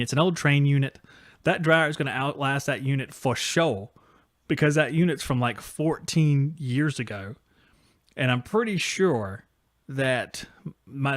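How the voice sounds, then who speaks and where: A man's voice: mid-range voice, no room sound, studio quality. A man hosting a live podcast, chatting casually in a rambling, joking, self-deprecating way. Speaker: podcast host. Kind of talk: casual livestream chat.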